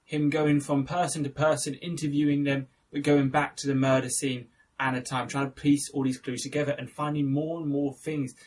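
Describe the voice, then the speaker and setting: A man's voice: on the high side, level tone, moderate pace, hardly any pauses, darkish tone. A young man hosting a casual film review, chatty and enthusiastic, correcting himself as he goes.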